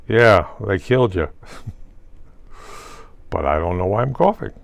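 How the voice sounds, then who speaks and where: A man's voice: deep voice, very animated, normal speed, creaky, darkish tone, no room sound. An older man rambling through a solo monologue, asking himself questions and answering them with wry asides. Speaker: vlogger.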